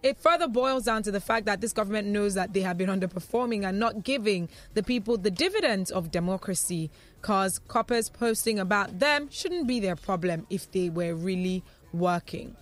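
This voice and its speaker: A woman's voice: medium pitch, animated, normal speed. A woman hosting a radio talk show in a studio, reading listeners' comments aloud in a chatty way and laughing easily.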